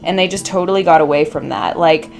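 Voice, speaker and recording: A woman's voice: lowish voice, brisk, gravelly, darkish tone, faint music behind. A young woman chatting playfully to camera while arranging flowers at her home workstation, swearing casually and talking to herself. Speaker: craft vlogger.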